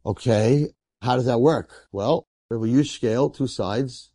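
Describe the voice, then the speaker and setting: A man, a rabbi, telling a story in a sermon in an animated, colloquial way and acting out the characters. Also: medium pitch, unhurried, dry recording.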